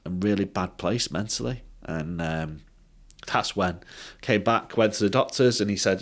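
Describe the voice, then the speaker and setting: Deep-voiced man. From England. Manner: halting, with many fillers and restarts. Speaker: podcast guest. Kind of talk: personal storytelling.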